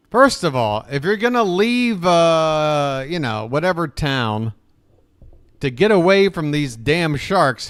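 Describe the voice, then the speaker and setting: A man hosting a live stream in casual chat, ranting with sarcasm and animated outbursts while reading chat names. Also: fairly high pitch, slow pace, smooth, dry recording.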